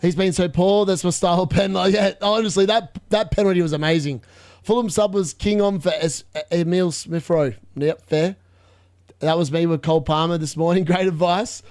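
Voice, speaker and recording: Hosting a live fantasy football watchalong, a young man with a rather high voice chats casually and gets excited at every score update. His speed is normal. The close mic yields a tight, dry recording without any echo.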